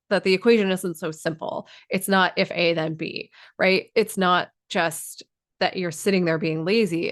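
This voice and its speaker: Measured lower-voiced woman co-host. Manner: measured, explanatory, many ums. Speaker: podcast co-host. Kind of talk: casual conversational chat.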